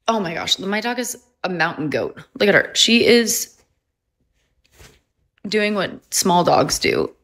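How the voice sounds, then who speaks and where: Bright chatty woman livestreaming. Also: fairly low pitch, wildly swooping pitch, slow pace, pauses often. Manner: chatty, upbeat, laughs often. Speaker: livestream host. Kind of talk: casual livestream chat.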